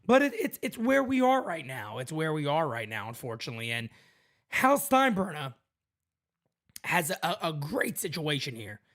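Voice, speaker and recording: A man's voice: a little high, very animated, normal speed, fairly bright tone. A man hosting a sports talk podcast, making his points emphatically and repeating them for weight. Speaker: host.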